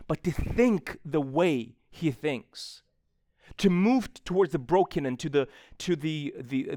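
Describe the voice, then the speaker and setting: Young male pastor, conversational live sermon, slightly raised pitch, dry sound. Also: dry recording. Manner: conversational, acts out quoted exchanges with people. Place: church.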